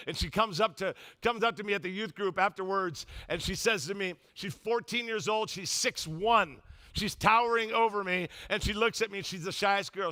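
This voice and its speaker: A man pastor preaching a sermon in a church, telling a story with lively call-and-response to the congregation. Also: sits high. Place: church auditorium.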